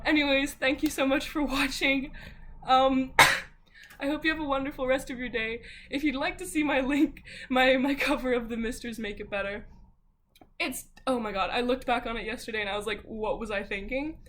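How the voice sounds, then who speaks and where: Young adult woman, upbeat vlogger; bright, raised pitch, gushing delivery full of fillers. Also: normal speed, noisy background. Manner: gushing, bubbly, lots of likes and ums, giggly. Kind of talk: casual chat to camera.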